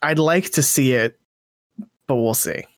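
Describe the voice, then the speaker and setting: A man's voice: medium pitch, a little slow, no room sound, studio quality. Wry man hosting a gaming podcast. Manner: conversational, wry, drifts into mock quotes. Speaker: podcast host. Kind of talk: casual gaming podcast chat.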